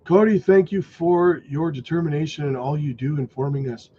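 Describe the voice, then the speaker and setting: A man hosting a crypto livestream, hoarse from losing his voice, talking emphatically and asking "okay?" and "right?" as he warns viewers. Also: on the high side, moderate pace, dull audio. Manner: emphatic, warning, says "okay?" and "right?" often. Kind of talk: casual livestream commentary.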